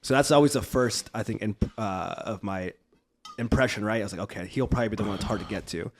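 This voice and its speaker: Fast-talking man, rambling and friendly. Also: fairly low pitch. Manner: rambling, filler-heavy, friendly. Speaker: guest, recovery event organizer. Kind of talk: casual conversation.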